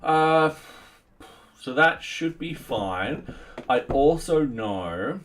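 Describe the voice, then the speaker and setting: A man giving casual think-aloud commentary as he codes at home, pausing and restarting mid-sentence and now and then chatting to his cat. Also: on the high side, lively intonation, fairly bright tone, a little hiss or hum. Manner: chats to his cat between tasks. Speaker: software developer streaming his coding. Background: faint music and keyboard typing.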